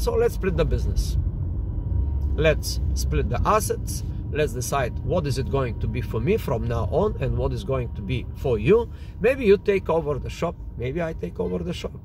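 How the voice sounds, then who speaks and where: A man acting out a calm male business partner who speaks in a low, measured way. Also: noisy background.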